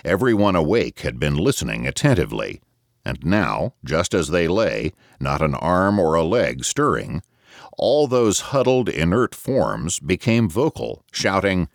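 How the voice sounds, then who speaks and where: A man reading a novel aloud as audiobook narrator, measured and reflective, close to a studio mic. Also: low-pitched, big pitch swings, vocal fry, no echo.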